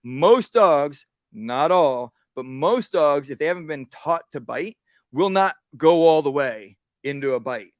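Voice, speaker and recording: A man's voice: fairly high pitch, expressive, unhurried, no room sound. A man, a dog trainer, giving a casual workshop talk outdoors and acting out what dogs and owners say.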